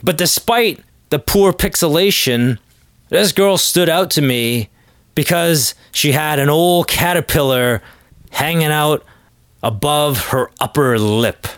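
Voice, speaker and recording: A man's voice: a little high, takes it slowly, fairly bright tone, no echo, studio quality. A man hosting a podcast, telling a rambling, sardonic comedic story. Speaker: podcast host. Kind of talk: comedic monologue.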